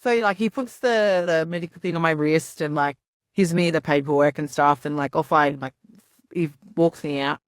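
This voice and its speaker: A woman's voice: low voice, moderate pace, no room sound, clean studio sound. A young woman on a podcast, telling her story in a rambling, casual way full of "like" and quoted asides.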